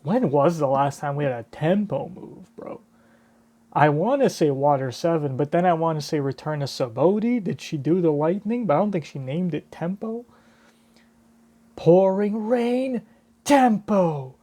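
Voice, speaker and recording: A man hosting a live reaction, reading a manga aloud and thinking out loud about what comes next. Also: a little high, animated, moderate pace. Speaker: reaction channel host.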